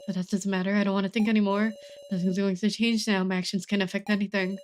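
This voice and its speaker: A woman's voice: medium pitch, little pitch movement, fast, slight background noise, lightly acted. A woman voicing a despairing teenage girl heroine in a game, reading her earnest inner monologue. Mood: hopeless.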